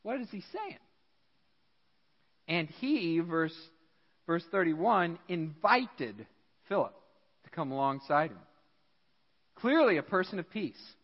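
An American man preaching a sermon as pastor, animated and acting out characters in dialogue. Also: a little high, takes it slowly, pauses often, in a large hall, lo-fi sound. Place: church.

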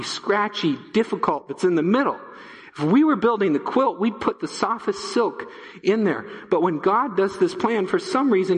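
A male pastor preaching a sermon to his church, emphatic, repeating key phrases and dropping to a low hush. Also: long reverb tail. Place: church sanctuary.

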